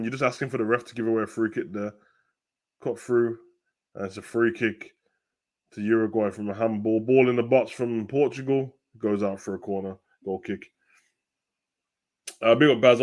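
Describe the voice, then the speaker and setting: A young man talks over a live football match, loose and slangy in his asides. When the play heats up he gets loud and excited, calling the action at a mid-pitched level. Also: fairly quick. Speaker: watch-along host. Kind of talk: live football watch-along commentary.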